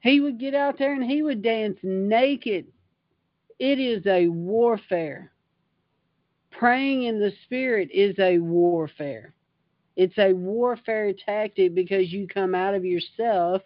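A woman's voice: medium pitch, no room sound. Fervent woman preaching, dull lo-fi sound. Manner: fervent and emphatic, reads scripture then riffs on it. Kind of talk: informal livestream sermon.

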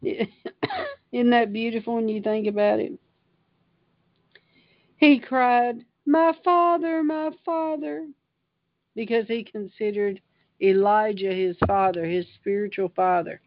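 A woman's voice: medium pitch, steady tone, slow, long pauses, no room sound, highs cut off. A woman preaching an informal livestream sermon, fervent and emphatic, reading scripture and riffing on it. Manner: fervent and emphatic, reads scripture then riffs on it.

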